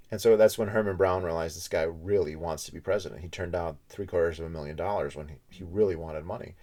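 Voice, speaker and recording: Low-voiced man chatting through a book review. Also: darkish tone. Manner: chatty storyteller, retelling anecdotes with asides.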